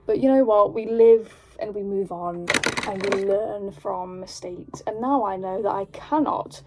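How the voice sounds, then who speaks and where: A young woman with an English accent telling a rambling, animated story at home while doing her makeup, full of "like". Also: medium pitch, a little slow, background noise. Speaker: vlogger. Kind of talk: casual storytime chat.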